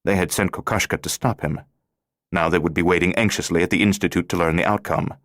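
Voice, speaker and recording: A man reading an audiobook thriller in a steady, measured scripted narration. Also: deep voice, dry recording, clean studio sound.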